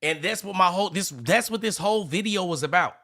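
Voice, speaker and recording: A man's voice: high voice, brisk, pushed and bright. A man hosting a reaction commentary channel, ranting with indignant energy while playing clips.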